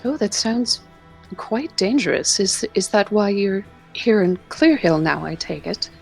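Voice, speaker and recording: A woman's voice: medium pitch, lively intonation, unhurried, gravelly, a little mellow, soft background music. A woman playing a courteous tea merchant who speaks formally and politely, with some hesitation, in a tabletop game.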